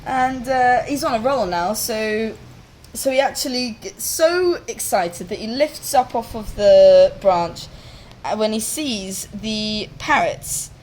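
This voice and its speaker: A woman telling a folk tale live, relaxed and chatty with asides to her listeners. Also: fairly high pitch, slow, slight background noise, poor audio. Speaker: storyteller. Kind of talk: live oral storytelling.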